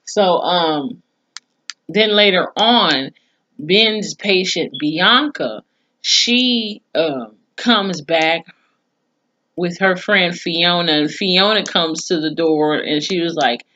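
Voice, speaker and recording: A woman with a fairly low voice talks through a TV episode like she is gossiping with a friend, swearing freely and wandering into side rants. The recording is dull and lo-fi, with a faint hiss underneath. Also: takes it slowly, sharp tone. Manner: profane, chatty storytelling with asides. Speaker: TV series reviewer. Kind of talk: casual episode recap.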